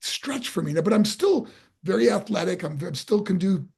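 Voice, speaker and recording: As a guest in a storytelling interview, a former pro wrestler in his sixties animatedly recalls his career and acts out what others said. His crackly voice is high-pitched, gravelly and breathy-edged, at a moderate pace.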